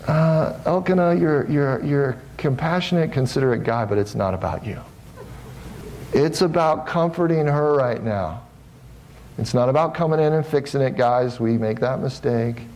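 A man's voice: expressive, normal speed, poor audio. A middle-aged man preaching a sermon to a live congregation, earnest and self-deprecating, calling out to the listeners and rising in volume on his exhortations. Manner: swells louder and higher on exhortations, drops low and soft on reflective points. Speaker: pastor. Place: church sanctuary with a live congregation.

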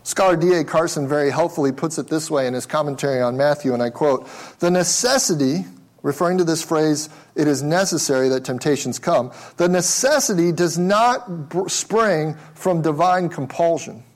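A man's voice: on the high side, normal speed. A male pastor preaching a sermon with emphasis, asking questions and repeating words as he restarts.

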